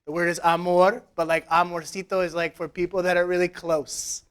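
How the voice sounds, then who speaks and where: A man's voice: sits high, flat delivery, a little fast, smooth. A man preaching a conversational sermon in church, retelling scripture with casual, joking asides. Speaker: pastor. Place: church service.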